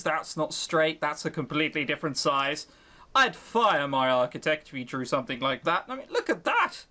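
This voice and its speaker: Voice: mid-range voice, fairly bright tone. A young streamer reading a visual novel aloud and mocking it in a chatty, sarcastic way, close to the mic at home. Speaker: let's-play host. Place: home room on webcam. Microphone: close desk mic.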